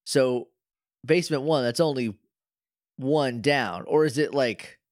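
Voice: mid-range voice, slow pace, dry recording, studio quality. A podcast co-host in casual chat about a video game, sarcastic, swearing freely and making jokey outbursts.

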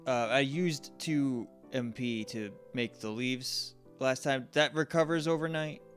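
A man's voice: mid-range voice, a little slow, soft background music. A man playing a tabletop game, joking and laughing through casual banter. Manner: giggly, animated banter. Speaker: player.

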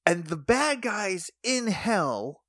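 A man's voice: high-pitched, very animated, takes it slowly, a bit bright, dry recording, clean studio sound. A man co-hosting a podcast, talking animatedly through a show episode and laughing often. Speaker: podcast co-host. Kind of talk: casual chat recapping a show.

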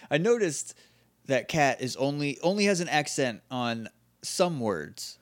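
Animated male podcast co-host. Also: mid-range voice, no room sound. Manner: animated, quick, laughs often. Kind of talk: casual chat.

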